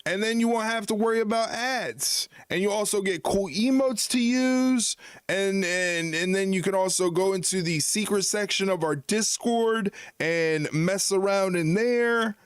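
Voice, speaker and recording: A man's voice: high-pitched, a little slow, clear, resonant tone, no room sound. A man hosting a casual wrestling watchalong livestream, joking and rambling as he corrects himself. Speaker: podcast host.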